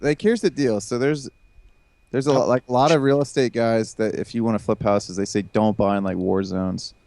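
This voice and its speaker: A man from Ohio hosts a casual podcast chat and talks in a relaxed way with plenty of filler words. His voice is recorded dry and close, with no room sound. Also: on the low side, normal speed, creaky, no echo. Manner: relaxed, filler-heavy storytelling. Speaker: podcast host.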